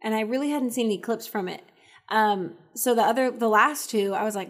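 A woman co-hosting a podcast in casual chat, chatty and quick to laugh. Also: fairly high pitch. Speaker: podcast co-host.

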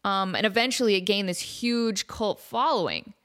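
A woman in her thirties hosting a comedy podcast, talking in a chatty, animated way and slipping into silly voices. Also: mid-range voice, normal speed. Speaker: podcast host. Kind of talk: casual comedic monologue.

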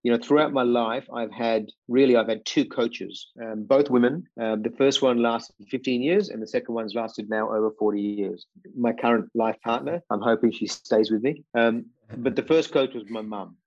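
A man's voice: medium pitch, normal speed, a little mellow, no echo, lo-fi sound. Man in his sixties telling his story. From England. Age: 60s. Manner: earnest, with frequent fillers and restarts. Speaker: podcast guest. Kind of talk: reflective personal storytelling.

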